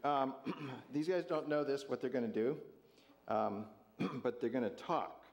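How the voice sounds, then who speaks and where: A man's voice: medium pitch, measured pace, creaky. A man pastor leading an interactive sermon with volunteers, jovial and chuckling as he asks the congregation questions.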